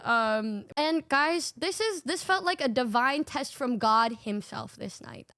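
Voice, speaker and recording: High-voiced woman telling a story. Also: no room sound, studio quality. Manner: animated, swearing, laughing often. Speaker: streamer. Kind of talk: casual storytelling.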